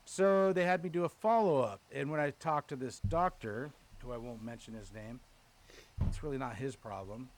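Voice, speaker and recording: A man on a podcast telling a long story in casual chat, swearing freely and acting out both sides of the conversation. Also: mid-range voice. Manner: animated, profane, retells with quoted dialogue. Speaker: podcast host.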